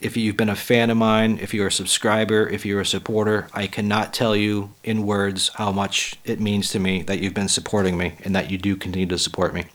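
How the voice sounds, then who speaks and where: A man hosting a solo podcast, blunt and profane, with a raspy voice as he gets over the flu. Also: on the low side, little pitch movement, brisk, few pauses. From Western Massachusetts. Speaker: podcast host and comedian. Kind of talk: casual solo podcast talk.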